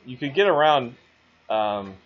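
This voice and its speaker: A man's voice: medium pitch, expressive, measured pace. A man narrating as game master of a tabletop game, hesitant, often restarting his sentences. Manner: hesitant, full of restarts while describing. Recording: muffled lo-fi recording.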